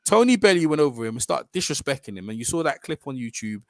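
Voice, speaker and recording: A man's voice: mid-range voice, sing-song, fast talker, no room sound, studio quality. A man hosting a live boxing chat on a video call, arguing emphatically and repeating himself. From England. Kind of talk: heated casual debate.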